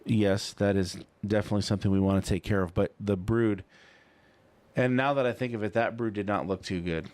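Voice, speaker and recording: A man with a lowish voice talks casually into a studio mic, co-hosting a podcast. He tells his story in a loose, rambling way, piling on "you know" and reenacting what he said. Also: steady tone, fairly quick, darkish tone. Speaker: podcast co-host.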